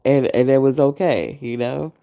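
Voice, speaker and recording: This podcast host, a woman in her forties, has a bass voice with vocal fry and keeps a moderate pace. Her casual monologue is lively storytelling, full of acted-out quotes from others and frequent laughter, picked up on a podcast mic.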